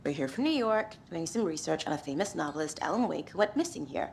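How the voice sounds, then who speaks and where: Brief: sarcastic writer woman, gravelly and fry-edged, defensive. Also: sits low, very animated, fast talker, darkish tone, slight background noise, exaggerated voice. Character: wry, pushy female true-crime writer. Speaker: true crime writer, witness. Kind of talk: video game voice acting.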